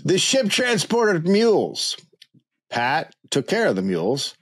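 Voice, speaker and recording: A man's voice: fairly high pitch, huge pitch swings, takes it slowly. Dry-voiced man telling a comic story. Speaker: podcast host reading a history story. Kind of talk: comedic storytelling.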